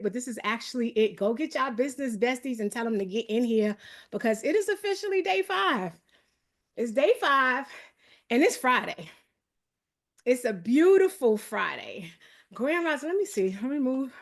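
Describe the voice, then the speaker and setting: This is live online motivational coaching: a high-voiced woman from New York, New York accent and all, hosts an accountability call. She's fast and fired up, building excitement and calling to her listeners again and again.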